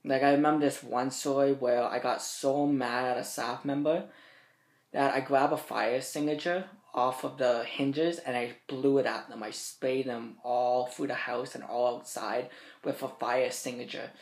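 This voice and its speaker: A man's voice: medium pitch, fairly even intonation, moderate pace. Rambling, profane eighteen-year-old guy. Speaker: vlogger. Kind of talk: casual storytelling to camera. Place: his bedroom. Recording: roomy bedroom echo.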